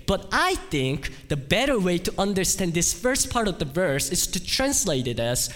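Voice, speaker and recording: Slow, expressive preacher in a reverberant hall. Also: male voice, on the high side. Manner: emphatic, deliberate preaching with dramatic dips and swells. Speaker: pastor. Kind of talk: sermon.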